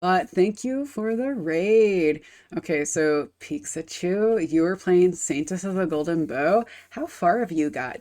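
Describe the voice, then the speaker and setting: A woman's voice: deep voice, unhurried, darkish tone. A woman game streamer chatting casually on a live stream, rambling and explaining with casual swearing.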